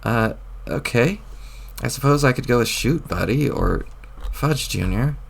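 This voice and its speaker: A man reading a webcomic aloud, voicing a clueless, rambling young male adventurer with old-timey folksy exclamations in a lowered, gravelly voice. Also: lively intonation, a little slow, heavily acted. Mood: apologetic.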